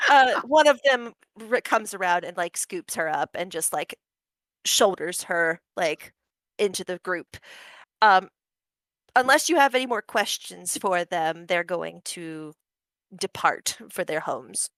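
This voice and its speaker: A woman's voice: fairly low pitch, animated, a little slow, fairly bright tone, no echo. A woman narrating a tabletop game as game master in a chatty, giggly way, with many fillers, into a home mic.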